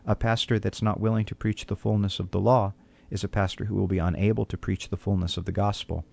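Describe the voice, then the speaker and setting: A man's voice: fairly low pitch, flat delivery, quick pace, gravelly, a little mellow. A man, a pastor on a call-in radio talk show, answering questions in an earnest, preacherly way and often repeating words as he starts a thought.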